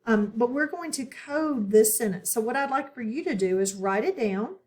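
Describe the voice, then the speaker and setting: A woman's voice: fairly high pitch, expressive, moderate pace, darkish tone, roomy sound. A woman teaching a phonics lesson step by step, checking in often with "okay?" as she walks through a worksheet. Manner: patient, step-by-step instruction with frequent "okay?" check-ins.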